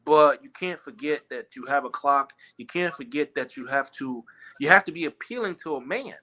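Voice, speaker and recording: A man holds forth in a casual chat, his pitch swinging widely as he pushes his points. The voice has a bright, forward edge. He talks emphatically and rambles, often restarting his sentences. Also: lively intonation, moderate pace.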